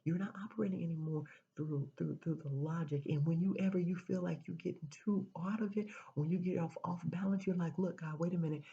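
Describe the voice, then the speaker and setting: A woman's voice: fairly low pitch, fairly even intonation, a little fast, gravelly, few pauses, warm tone, husky, highs cut off. A woman giving an emphatic spiritual motivational monologue, repeating herself and often dropping into a whisper. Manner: emphatic, repetitive, drops into whispers. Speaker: spiritual speaker.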